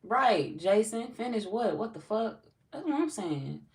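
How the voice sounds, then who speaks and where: Far from the mic, a woman speaks in a sing-song, medium-pitched voice at a measured pace. The tarot reader keeps her livestream casual, greeting the chat, reading comments aloud, and laughing frequently.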